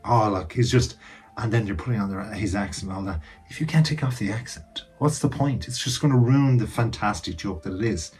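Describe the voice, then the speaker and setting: A man's voice: on the low side, animated, fairly quick, few pauses, darkish tone, breathy edge, soft background music. A man casually giving advice on telling jokes to camera, chatty and emphatic, dropping jokey asides while seated indoors.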